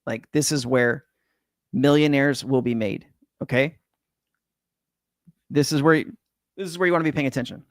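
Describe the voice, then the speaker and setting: A man's voice: mid-range voice, normal speed, long pauses, no echo. Laid-back middle-aged man, dry close sound. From California. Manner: laid-back slang-heavy, swears, says man and bro. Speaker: crypto livestream host. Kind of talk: casual livestream chat reading viewer comments. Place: home in Hawaii.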